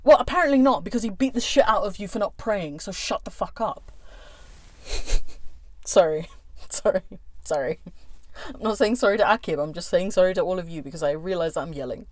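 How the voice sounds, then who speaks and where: A woman's voice: mid-range voice, moderate pace, long pauses, dry recording. A woman YouTuber who rants with fury, swearing hard and stressing each word. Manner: furious, profane, emphatic. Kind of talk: angry rant vlog. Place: indoors, a warm room.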